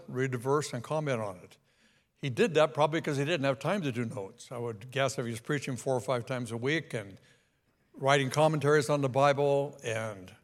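A man teaching a Sunday school class on church history in a conversational lecture, asking the class questions and pointing out a map. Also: medium pitch.

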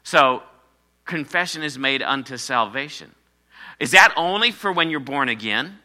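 A man's voice: mid-range voice, lively intonation, measured pace, pushed and bright. A man preaching a sermon to his congregation, emphatic and repeating key phrases for weight. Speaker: pastor.

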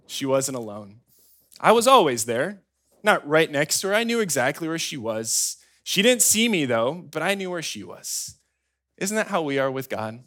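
A pastor preaching in a relaxed, conversational way, his voice sitting slightly high for a man. He tells family stories with animated energy and keeps drawing the congregation in with quick asides. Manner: conversational, animated storytelling, frequent "right?" asides. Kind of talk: sermon.

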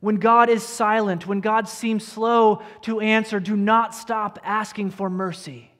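A man preaching a sermon as pastor to his congregation, earnest and emphatic, sometimes sinking to a hushed tone. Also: high-pitched, steady tone, a little slow. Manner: earnest preacher, dropping to a hush at key lines. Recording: church hall with long reverb.

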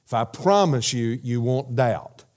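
A man preaching a sermon as pastor, measured and emphatic, repeating phrases and asking the congregation rhetorical questions. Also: medium pitch, expressive, darkish tone.

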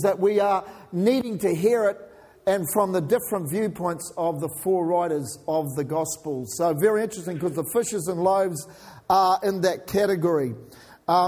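A man's voice: high voice, darkish tone. A man preaching a sermon as pastor, chatting and joking with his congregation between scripture readings. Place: church hall. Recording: long hall reverb.

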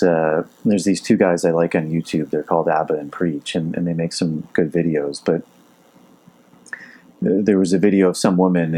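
Man, podcast host, reflective chat, low pitch, dark husky voice. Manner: thoughtful, searching for words with fillers. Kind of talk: casual reflective conversation.

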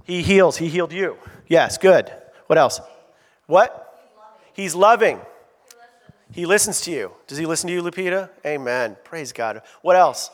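High-voiced pastor preaching in a reverberant hall. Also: male voice, normal speed. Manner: animated, asks the congregation to call out answers. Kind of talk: sermon. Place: church sanctuary. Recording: long reverb of a church hall.

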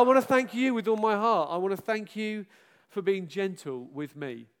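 Speaking in a high, clear and resonant voice at a moderate pace, a middle-aged pastor bids his church goodbye. The address is animated and pokes fun at himself, punctuated by loud outbursts and laughter.

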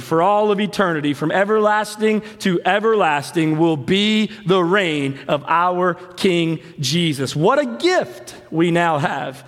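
Man, pastor, impassioned sermon, dramatic pauses, long church reverb. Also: sits high, lively intonation. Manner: impassioned preaching with dramatic pauses and soft drops. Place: church sanctuary.

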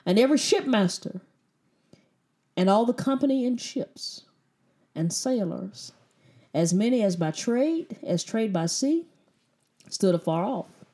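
Emphatic woman preacher, mellow voice. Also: mid-range voice, expressive, a little slow, pauses often. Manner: emphatic, rhetorical questions, repeats phrases. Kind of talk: sermon.

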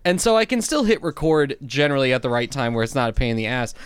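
A young adult man co-hosting a podcast in casual chat, wry, teasing and deadpan. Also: mid-range voice, fast, clear, resonant tone, no room sound, studio quality. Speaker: podcast co-host.

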